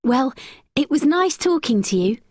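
A woman's voice: high-pitched, big pitch swings, normal speed, a little mellow, no room sound, clean studio sound, pitched above the performer's own voice. A woman voicing a brave, determined young woman who speaks firmly and decisively. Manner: firm and decisive.

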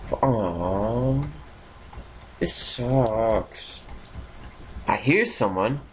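A young man giving casual, sarcastic commentary while playing a game, swearing often and reacting out loud. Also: on the low side, animated, extremely slow, a little hiss or hum. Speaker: gaming YouTuber. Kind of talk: casual let's-play commentary.

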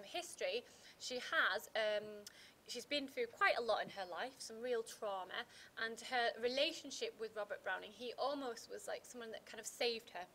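A woman teacher, talking through a poem in a casual revision chat, pausing often with ums and restarting her sentences. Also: fairly high pitch, fairly bright tone, slight background noise. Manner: hesitant, many fillers and restarts.

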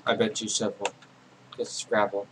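A man narrating his own video game play in a casual, rambling way, talking to himself, his voice a little hoarse. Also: fairly low pitch, flat delivery, moderate pace, noisy background. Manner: rambling, talks to himself while playing. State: losing his voice. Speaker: gaming channel host. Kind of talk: casual gameplay commentary.

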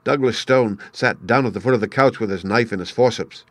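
A man narrating a classic story aloud in a steady, clear storytelling manner. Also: lowish voice, a little fast, no echo.

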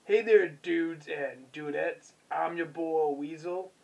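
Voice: medium pitch, takes it slowly, vocal fry, darkish tone, lo-fi sound. A puppeteer voicing a laid-back, slangy dude puppet.

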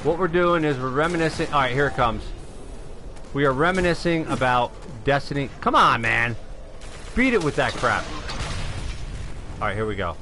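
A middle-aged man from New York giving excitable live gameplay commentary, calling out to viewers and shouting when things go his way. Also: medium pitch, moderate pace, pauses often, background noise. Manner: excitable, shouts at wins, talks to viewers as folks. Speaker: gaming live streamer.

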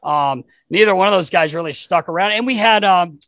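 A man's voice: high voice, fairly quick, fairly bright tone, no room sound. A man co-hosting a podcast, recalling old teammates in a rambling, casual chat with lots of fillers. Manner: rambling, filler-heavy recollection. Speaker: podcast co-host.

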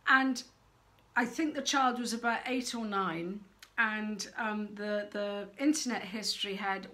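A middle-aged woman giving frank, animated parenting advice straight to camera, acting out quoted voices as she goes. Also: medium pitch, takes it slowly. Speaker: parenting coach. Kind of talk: direct-to-camera advice talk.

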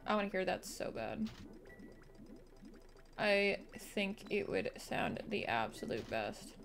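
A woman's voice: medium pitch, takes it slowly, gravelly. A woman streamer giving casual, profanity-laced commentary while playing a video game. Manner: swearing, animated and reactive. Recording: faint music behind.

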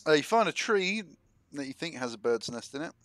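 A man acting as game master in a casual tabletop session, narrating and answering players with quick mm-hmms. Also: on the high side, big pitch swings, fairly bright tone.

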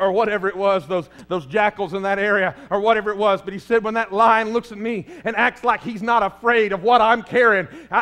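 A man with a Southern US accent preaching a fervent sermon as pastor in a church, often rising to a shout. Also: high-pitched. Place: church sanctuary.

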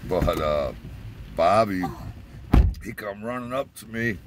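Slow, low-voiced man rambling a story. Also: animated, background noise. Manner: rambling, profane, chuckling. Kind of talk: casual storytelling.

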